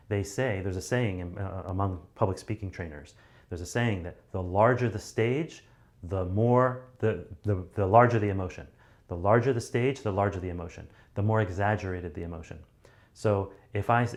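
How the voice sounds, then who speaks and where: Low-voiced man coaching public speaking. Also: normal speed, a little mellow. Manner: loose and conversational, with many fillers and restarts; acts out sample deliveries to show each point. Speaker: communication coach. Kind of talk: teaching monologue on public speaking.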